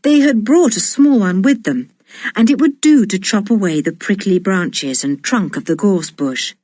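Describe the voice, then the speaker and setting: A woman reading a children's adventure audiobook aloud in a slow, deliberate and expressive way. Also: mid-range voice, dry recording, studio quality. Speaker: audiobook reader. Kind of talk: storybook narration.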